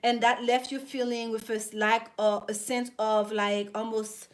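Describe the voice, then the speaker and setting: A woman's voice: a little high, flat delivery, a little slow. Chatty woman reading tarot live. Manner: chatty, repeats herself, warm thanks to viewers. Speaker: tarot reader.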